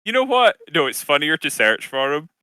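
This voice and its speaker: Bright-voiced man playing at a tabletop game. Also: on the high side, very animated, fairly quick, smooth, no echo. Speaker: player.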